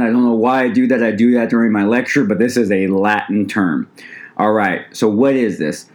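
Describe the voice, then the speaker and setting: A man's voice: fairly low pitch, a little fast. A man teaching an EMT class in a recorded lecture, conversational, with the odd stumble and restart. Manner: conversational teaching, addresses "ladies and gentlemen". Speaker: EMT instructor.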